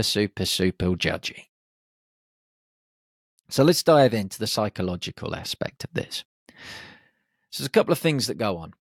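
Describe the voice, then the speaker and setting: A man's voice: on the low side, creaky, no echo, clean studio sound. A man hosting a podcast, talking listeners through confidence in an upbeat, encouraging way with jokey asides. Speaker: podcast host. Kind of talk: motivational podcast monologue.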